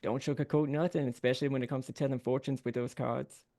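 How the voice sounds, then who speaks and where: A man's voice: medium pitch, steady tone, fast talker, mellow, close to an everyday voice. A man voicing a jovial male werewolf band frontman with a Southern drawl and folksy, teasing stage banter.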